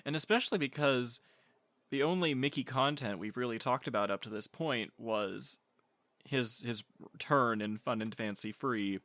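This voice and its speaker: A man's voice: medium pitch, normal speed, a bit bright, no room sound. A man co-hosting a podcast in casual chat, chatty, laughing often and trailing off with fillers. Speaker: podcast co-host.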